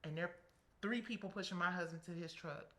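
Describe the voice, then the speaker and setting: A middle-aged woman telling a story as an interview guest, animated and blunt, acting out what others said. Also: fairly low pitch, quick pace. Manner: animated, quotes people in acted voices, swears freely.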